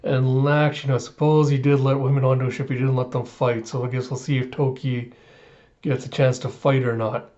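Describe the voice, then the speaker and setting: A man's voice: mid-range voice, level tone, a little fast, darkish tone, dull audio. A man casually retelling a comic chapter and quoting its characters as he reviews it. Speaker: manga reaction reviewer.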